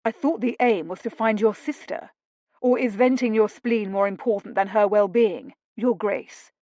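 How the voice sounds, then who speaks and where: A woman voicing a bitter, grieving gentleman who speaks coldly and clipped. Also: medium pitch, normal speed, no echo, dull audio, lightly acted. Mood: cold anger. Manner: cold, clipped.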